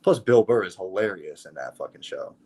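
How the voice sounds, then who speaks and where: A man in relaxed casual chat who agrees readily and swears often. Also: low-pitched, fairly quick. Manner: laid-back, profane, agreeable.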